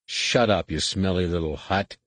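A man voicing a bitter, sneering male pilot held as a prisoner, in a sarcastic, higher-pitched voice. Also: normal speed, fairly bright tone, no room sound.

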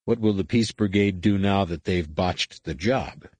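A man's voice: low voice, unhurried, darkish tone, dry recording. A man voicing a stern, commanding teenage male Jedi who speaks in a firm, clipped way.

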